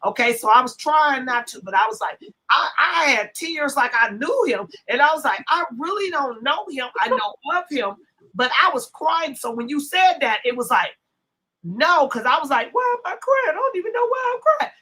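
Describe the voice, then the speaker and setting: Bright-voiced woman hosting a rambling livestream. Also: high voice, animated, normal speed, slightly rough, rough recording. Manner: loose, rambling, talks to chat while setting up. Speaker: livestream host. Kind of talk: casual livestream chat.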